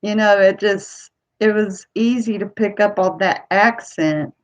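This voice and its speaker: A woman's voice: medium pitch, measured pace. A woman from Ohio with a Kentucky accent, chatting to camera in a rambling way as a vlogger. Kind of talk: casual chat to camera.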